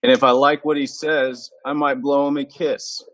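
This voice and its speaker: A man's voice: medium pitch, little pitch movement, normal speed, fairly bright tone. A man taking part as a player in a tabletop role-playing game, talking in an easygoing way.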